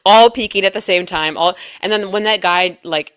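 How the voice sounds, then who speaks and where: A woman's voice: medium pitch, normal speed, clear, resonant tone. Laughing young woman telling a story. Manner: animated storytelling, acts out quoted people, laughs often. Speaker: podcast co-host. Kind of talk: casual chat.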